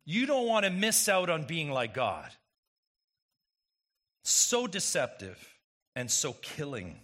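A male pastor preaches with a lively, rising and falling delivery and a bright, forceful edge to his voice. He presses his points with rhetorical questions to his listeners, sounding emphatic throughout. His pitch sits a little above that of most men. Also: takes it slowly. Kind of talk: sermon.

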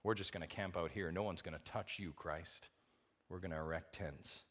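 A man's voice: deep voice, fairly even intonation, moderate pace, fairly bright tone, in a large hall, voice pushed down. A male preacher voicing an impulsive, overexcited disciple in a sermon, speaking in a brash, hasty way. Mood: eager.

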